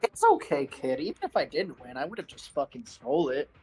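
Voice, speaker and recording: A man voicing a melodramatic, roguish father figure in a tabletop role-play, with theatrical, drawn-out lines. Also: a little high, wildly swooping pitch, a little mellow, a little hiss or hum, poor audio. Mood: offhand. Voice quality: wailing, theatrical grief.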